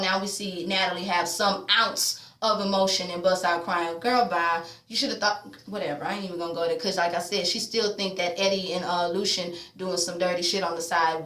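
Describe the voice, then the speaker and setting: Sassy, blunt woman recapping TV, echoey room. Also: on the low side. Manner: sassy, blunt and profane, with lively voiced quotes of characters. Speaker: TV recap vlogger. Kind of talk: casual recap commentary.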